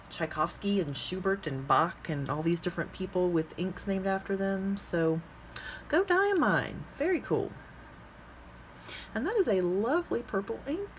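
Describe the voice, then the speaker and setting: Brief: woman ink vlogger, lower-pitched voice, chatty and rambling, talks to herself over desk work, faint room ambience behind. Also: slight background noise. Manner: chatty, musing aloud, thinks out loud with frequent fillers; talks to herself while working with her hands. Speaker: fountain pen ink vlogger. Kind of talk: casual chat while swatching inks.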